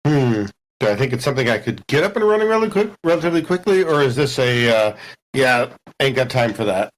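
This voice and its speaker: A player voicing a practical crew member in a tabletop game, speaking wryly and dropping into low murmurs. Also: very animated, a little fast, lightly acted, low-quality recording. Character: practical crew member who bakes, curious and wry.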